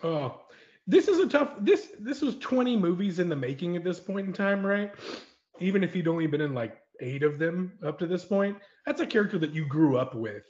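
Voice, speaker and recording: A man guest-hosting a podcast, chatting in an animated way and laughing easily. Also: sits high, a little fast. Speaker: guest host. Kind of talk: casual chat. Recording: dull lo-fi audio.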